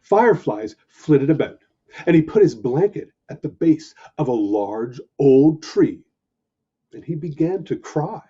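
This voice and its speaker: A man reading a children's story aloud with animated, expressive narration. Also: fairly high pitch, measured pace, husky. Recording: dull lo-fi recording.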